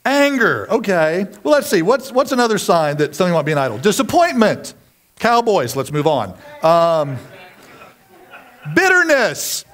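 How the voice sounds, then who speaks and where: Male preacher, high-pitched, lively self-mocking sermon delivery with shouts. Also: moderate pace. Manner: animated, self-mocking storytelling with sudden shouted outbursts. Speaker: pastor.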